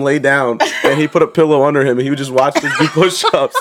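A young man telling stories in a casual chat, animated and swearing, acting out drill instructors. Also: medium pitch, a little fast, few pauses, no room sound, clean studio sound. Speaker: guest.

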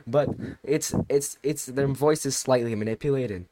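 A teenage man casually telling a long story on a podcast, rambling and animated, with many restarts. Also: mid-range voice, normal speed, slight background noise. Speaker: podcast co-host.

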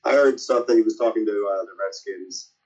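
A man's voice: on the low side, a little fast, a little mellow. A man giving plainspoken takes as a panelist in casual sports talk. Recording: dull lo-fi call audio.

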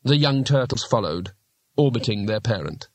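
A man reading a fantasy novel aloud as an audiobook narrator, in a measured storytelling manner. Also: mid-range voice, sing-song, no echo. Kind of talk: scripted narration.

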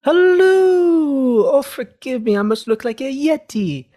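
A man doing a falsetto impression of a fussy elderly nanny woman, fluttery and sing-song. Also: animated, slow, mellow, heavily acted. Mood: flustered, doting.

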